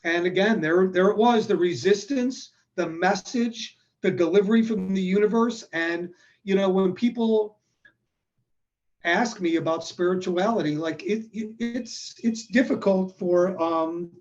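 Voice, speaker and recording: Man, 60s, interview guest, lively storyteller who voices the people he quotes; high pitch. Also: unhurried, highs cut off. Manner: animated, acts out quoted dialogue.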